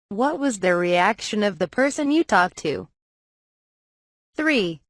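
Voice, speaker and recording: A woman's voice: mid-range voice, no room sound. Female narrator for textbook audio, plain instructional read, dry studio. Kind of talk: scripted instruction reading.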